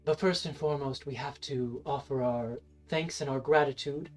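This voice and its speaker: A game master voicing a brisk woman council leader with a husky, breathy voice, in a tabletop game. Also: medium pitch, a little mellow, faint music behind, natural voice. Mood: formal.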